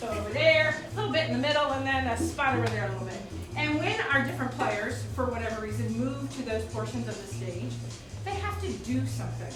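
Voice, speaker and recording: A woman hosting a live improv show, chatty and peppy with quick asides, on a comedy club stage. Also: fairly high pitch, animated. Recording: echoey club, distant mic, music.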